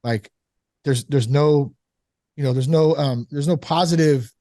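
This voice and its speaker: A man casually telling a candid personal story about fatherhood and recovery, animated, full of "like" and "you know". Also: on the high side, measured pace, no echo, studio quality. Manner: candid, animated, acts out quoted voices; frequent fillers like "like" and "you know". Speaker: sober father on a recovery podcast.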